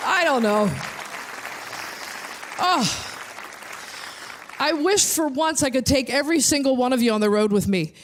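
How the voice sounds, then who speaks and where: A woman from New Jersey with a New Jersey accent, telling animated comic stories on stage as a comedian and singer. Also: sits high, unhurried, long pauses, crowd noise, noisy background. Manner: animated, breathless storytelling. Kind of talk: stand-up storytelling to an audience.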